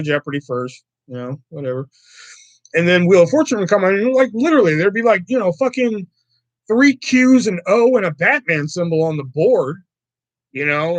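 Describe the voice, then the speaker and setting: A man from Virginia hosts a casual livestream and tells rambling, profane stories. His voice sits high and swings up and down with animated energy, recorded dry and close. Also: moderate pace, no echo, rough recording. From Virginia, USA. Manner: reacting to live chat. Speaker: livestream host.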